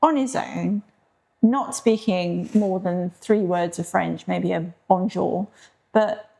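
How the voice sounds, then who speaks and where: A woman's voice: on the low side, slow pace, creaky, warm tone. Chatty British woman telling a story. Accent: British English. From Britain. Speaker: podcast co-host. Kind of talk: casual chat.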